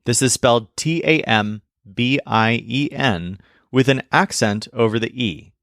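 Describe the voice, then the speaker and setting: A man teaching a language lesson in a clear, explanatory manner, slowing down for each example phrase. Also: mid-range voice, a bit bright, no echo, studio quality. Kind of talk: scripted lesson narration.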